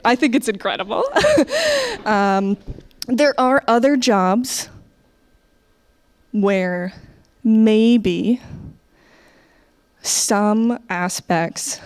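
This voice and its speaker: A young American woman performing a stand-up comedy set, animated and playful, dropping into low confiding asides. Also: smooth. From United States.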